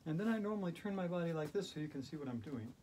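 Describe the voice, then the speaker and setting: A man leading a yoga routine in a gentle, playful, chatty way. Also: fairly high pitch, lively intonation, racing, slight background noise. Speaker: yoga instructor. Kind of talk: guided yoga instruction.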